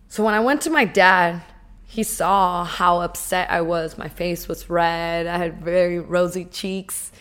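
A young woman, a motivational speaker, telling a personal story in an emphatic, animated way and often saying "like". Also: lowish voice.

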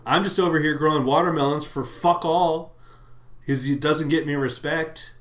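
A man voicing Cain as a furious, bitter young man who rants and swears at God in a loud, exasperated way. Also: on the high side, fairly even intonation, moderate pace, roomy sound, natural voice.

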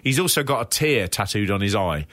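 A man's voice: fairly low pitch, brisk, no room sound. A man co-hosting a podcast, telling a wild story in casual, laughing chat with swearing and acted-out quotes. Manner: animated, laughing, swearing, acts out quoted voices. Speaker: podcast co-host.

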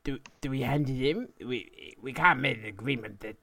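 A man's voice: medium pitch, moderate pace, creaky, sharp tone, dry recording. A man playing a tabletop game who jokes, swears freely and stammers over his words. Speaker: player. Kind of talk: casual tabletop game chat.

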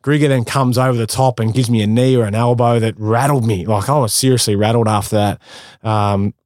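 A man's voice: mid-range voice, steady tone, a little fast, darkish tone, dry recording, clean studio sound. A man in his thirties with an Australian accent, a former footballer telling stories candidly in a casual podcast interview, self-mocking and slangy. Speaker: guest, former pro footballer.

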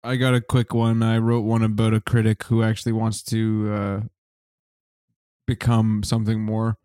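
A man's voice: on the low side, normal speed, dry recording. Dry-voiced man narrating a comedy script. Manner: playful, laughing, deadpan stage directions. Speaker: podcast co-host presenting his comedy script. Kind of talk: casual chat and read-aloud script narration.

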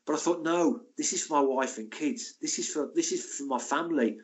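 An older man, a former footballer and physio, telling lively stories as a podcast guest and acting out the people in them. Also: on the high side, a little fast. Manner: lively, acts out the voices in his stories; chatty, frequent asides like "mate" and "and that". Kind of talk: anecdotal storytelling.

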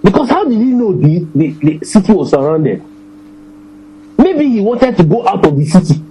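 A man preaching a sermon to his congregation, emphatic, repeating phrases and slowing down to stress scripture. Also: sits high, big pitch swings, warm tone, breathy edge, poor audio.

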